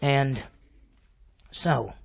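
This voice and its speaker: A man's voice: medium pitch, very slow, vocal fry. A man teaching a Bible class, retelling the story with animation and quizzing his listeners.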